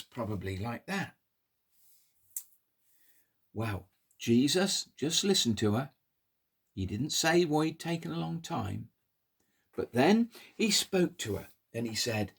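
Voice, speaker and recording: A man telling a Bible story to toddlers in an animated, sing-song way, coaxing the children to pull faces. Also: mid-range voice, slow pace, gravelly, pauses often, husky.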